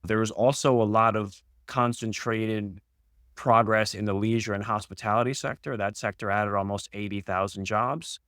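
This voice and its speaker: Low-pitched guy going through jobs numbers, steady and matter-of-fact, dead dry sound. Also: normal speed, clean tone, dry recording. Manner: steady, data-heavy delivery. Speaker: senior economist. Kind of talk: podcast market discussion.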